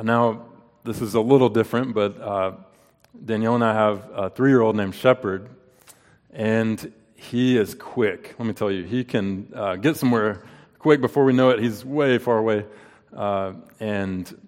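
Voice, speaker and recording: A pastor in his thirties preaches an earnest sermon full of rhetorical questions and personal stories, with the long reverb of a large hall around him. His voice is lowish and darkish, fairly even in intonation, at a moderate pace.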